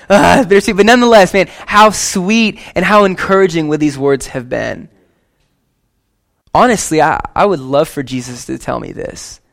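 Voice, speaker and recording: A young man preaching a sermon to his church in a lively, conversational way, with quick asides and casual slang. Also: sits high, creaky. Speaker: pastor.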